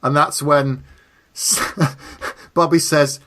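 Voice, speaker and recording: A man's voice: a little high, fairly even intonation, slow, sharp tone, a little hiss or hum. A man co-hosting a film review podcast, recounting the plot step by step in casual chat.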